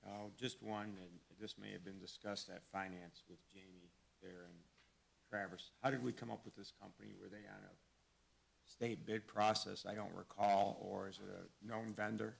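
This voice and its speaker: A man's voice: on the low side, flat delivery, normal speed, vocal fry, low-quality recording. A man on a school board asking direct, detail-checking questions at a public meeting. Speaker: board member.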